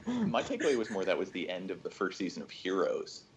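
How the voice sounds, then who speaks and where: A man co-hosting a podcast in casual chat, easygoing and quick to agree. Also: low voice, wildly swooping pitch, dull audio, crowd noise. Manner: easygoing, brief affirmations. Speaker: podcast co-host.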